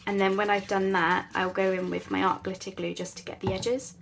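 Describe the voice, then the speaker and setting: A woman talks through a craft project in a relaxed, rambling way, often poking fun at herself. Her mid-pitched voice has a gravelly, creaky edge, and faint noise sits in the background. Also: a little fast. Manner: chatty, rambling, self-deprecating. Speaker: crafting channel host. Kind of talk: casual craft tutorial chat.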